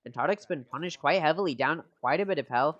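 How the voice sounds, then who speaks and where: Man, esports caster, steady play-by-play, lifts energy on big plays. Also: fairly high pitch, fast, highs cut off. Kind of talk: play-by-play commentary.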